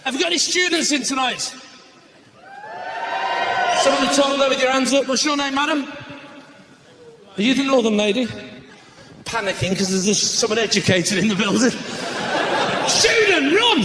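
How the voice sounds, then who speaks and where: A man with a Northern English accent doing live stand-up comedy in a theatre, chatting with the audience and shouting his punchlines. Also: very high-pitched, moderate pace, pauses often, a loud crowd. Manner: animated, shouting punchlines, acting out voices. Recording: live theatre recording with faint room noise.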